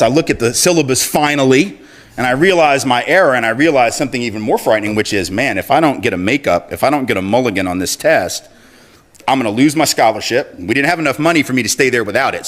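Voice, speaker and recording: A man's voice: mid-range voice, fairly bright tone. A man with a mid-range voice gives a public talk and moves easily into a personal story. He speaks conversationally and pokes fun at himself, chuckling as he voices the people in it. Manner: conversational, self-deprecating storytelling; acts out quoted voices with chuckles. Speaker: activist speaker.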